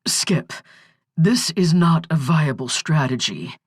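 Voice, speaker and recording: A steady defense lawyer, voiced by a woman narrator, who speaks in a soothing, measured way. The audiobook delivery is unhurried and sits fairly low. The sound is dry and close-miked. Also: breathy edge, dry recording, heavily acted. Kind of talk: audiobook character voice.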